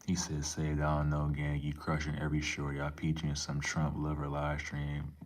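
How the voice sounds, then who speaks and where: A man's voice: rumbling low, slight background noise. A young man live streaming, talking casually and reading chat aloud, laid-back and profane with lots of slang.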